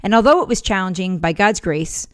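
A woman's voice: mid-range voice, expressive, a little fast. A middle-aged woman hosting a parenting podcast, talking in an earnest, firm way and telling a family story. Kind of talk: scripted podcast talk with personal story.

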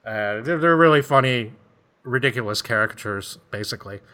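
Man with a bright, mid-pitched voice, chatty and rambling, laughs easily. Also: fairly quick. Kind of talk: casual chat.

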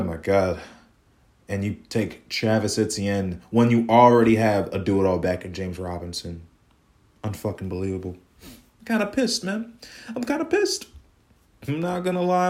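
A young male podcast host rants about sports on his own, blunt, profane and fired up. His voice sits a little low and he repeats himself when worked up. He talks casually and plainly. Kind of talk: solo sports podcast rant.

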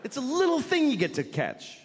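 A man's voice: extremely high pitch, wildly swooping pitch, fairly quick. A man doing stand-up comedy on a large stage, ranting in a profane, exasperated way. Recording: long hall reverb, faint noise.

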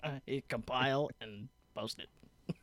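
A man hosting a podcast in casual chat, easygoing and halting, stopping to restart often. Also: mid-range voice, a bit bright, no echo. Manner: easygoing, halting, many fillers. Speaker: podcast host.

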